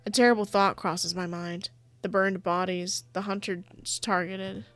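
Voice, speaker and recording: A woman's voice: medium pitch, little pitch movement, normal speed, fairly bright tone, faint music behind. A woman playing a visual novel, reading its narration aloud in a chatty, giggly way with casual asides. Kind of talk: reading game narration with live commentary.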